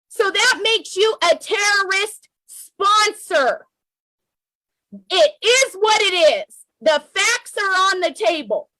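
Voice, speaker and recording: Fiery high-voiced American woman. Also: lively intonation, slow, pushed and bright, no room sound, rough recording. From United States. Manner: fiery, emotional, repeats points for emphasis. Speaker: political commentator. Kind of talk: impassioned political monologue to camera.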